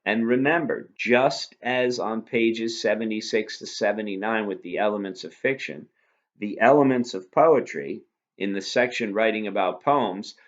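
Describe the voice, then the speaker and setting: A man with a fairly low voice gives a recorded lesson. He talks patiently and keeps posing rhetorical questions. The recording sounds dull and lo-fi. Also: fairly bright tone. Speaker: teacher. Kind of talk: recorded lecture review.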